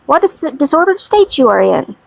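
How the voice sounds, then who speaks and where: A woman voicing a gentle elderly father, a doctor, calm and soothing, in an audiobook reading. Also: high voice, brisk, gravelly, dry recording, voice pushed up, heavily acted, low-quality recording.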